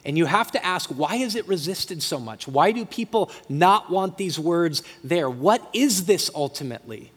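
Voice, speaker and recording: A man's voice: a little high, lively intonation, moderate pace, few pauses, husky. A middle-aged male pastor preaching a passionate, emotional sermon with emphatic repetition in a church. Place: church sanctuary. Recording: long hall reverb.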